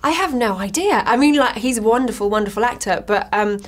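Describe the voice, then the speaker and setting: Amused actress with a hesitant answer. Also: female voice, on the high side, animated, brisk. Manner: amused, hesitant, lots of fillers. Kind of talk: press interview.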